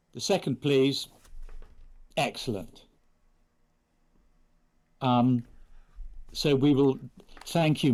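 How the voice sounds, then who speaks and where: A man's voice: medium pitch, darkish tone. A man from England chatting casually and playfully on a live stream while he signs prints for fans. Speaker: actor signing prints for fans.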